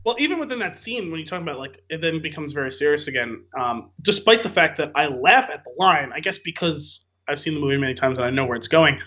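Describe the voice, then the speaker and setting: A man with a fairly high voice talks through a film in a measured, explanatory way as a podcast co-host. His audio sounds slightly dull and muffled. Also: animated, sharp tone. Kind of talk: casual movie discussion.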